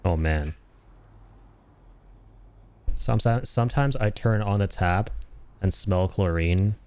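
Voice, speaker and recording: A man's voice: low voice, slow, a little mellow, smooth. A young Canadian man with a Canadian accent, streaming a game and chatting casually with viewers, swearing freely. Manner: laid-back, swears, chats with viewers. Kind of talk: casual gaming stream chat.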